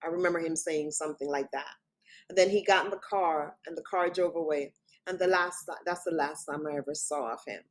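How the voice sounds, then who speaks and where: A woman's voice: sits low, fairly quick. A woman guest on an interview show, recounting a personal story in vivid detail and often quoting what others said. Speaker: author guest.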